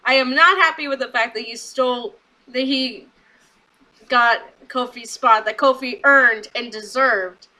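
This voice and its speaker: Young female reviewer, casual recap, high-pitched and bright, excitable, acts out quotes. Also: low-quality recording. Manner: chatty and excitable, quoting people in quick asides. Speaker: wrestling show reviewer.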